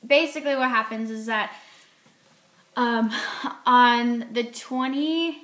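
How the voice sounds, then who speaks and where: A woman's voice: a little high, fairly bright tone, echoey room. A woman chatting casually in a book talk vlog, retelling a story and acting out quotes. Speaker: book reviewer.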